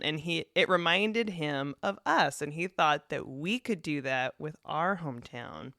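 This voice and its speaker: A woman's voice: low voice, expressive, a little slow, few pauses, pushed and bright, no echo. Woman, podcast co-host, casual chat, chatty, dry close sound. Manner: chatty and rambling, often laughing.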